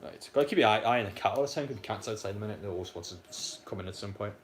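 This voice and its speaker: Young Geordie man, fast, blunt, rambling stream chat; faint room hum underneath. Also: lowish voice. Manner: rambling, blunt, frequent fillers and restarts. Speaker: live stream match commentator. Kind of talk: casual live stream chat and commentary.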